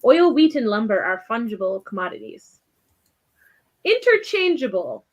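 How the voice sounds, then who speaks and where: A woman's voice: on the high side, very animated, moderate pace, lo-fi sound. A woman hosting a casual reading stream, teasing her co-hosts and giggling often. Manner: giggly, teasing, reads definitions aloud. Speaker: host of a reading sprint stream. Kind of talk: casual chat.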